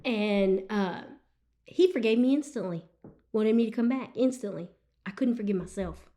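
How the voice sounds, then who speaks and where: A woman, a podcast guest telling an emotional personal testimony in an earnest, animated way. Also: mid-range voice, normal speed. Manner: earnest and animated, with frequent "you know what I'm saying". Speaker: guest sharing her testimony.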